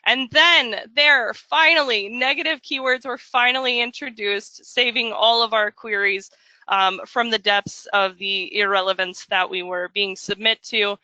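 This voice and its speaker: A woman presenting a marketing webinar in a jokey, chatty way, slipping into quick voices for asides. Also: on the high side, steady tone, pushed and bright, dry recording. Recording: dull, dry lo-fi audio.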